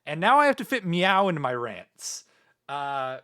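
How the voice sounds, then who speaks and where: A man's voice: a little high, sing-song, moderate pace, bright, forceful tone. A man streaming casually, joking and ranting as he chats with viewers and drops "meow" into his sentences. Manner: joking, rambling, tacking "meow" onto sentences. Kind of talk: casual livestream chat.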